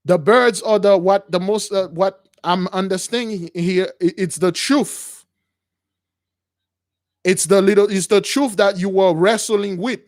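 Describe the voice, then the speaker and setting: A man's voice: sits high, measured pace, no echo, studio quality. A man hosting a call-in show, preaching emphatically and often calling listeners brothers. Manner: emphatic, repetitive, keeps addressing listeners as brothers. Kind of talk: preaching to callers.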